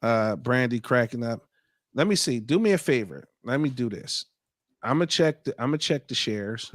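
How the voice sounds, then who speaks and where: Man, podcast host, casual live-stream chat, joking and profane, middle pitch, dry close sound. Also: animated, moderate pace, no echo. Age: adult father.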